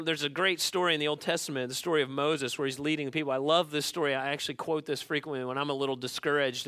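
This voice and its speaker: A man preaching a sermon as pastor, telling a story in an animated way and acting out the voices he quotes. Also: on the high side, smooth, no room sound. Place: church.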